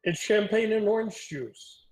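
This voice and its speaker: A man's voice: high-pitched, animated, unhurried, faint music behind, low-quality recording. A man chatting casually over voice chat during a game stream, easygoing and coaxing. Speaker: friend on voice chat.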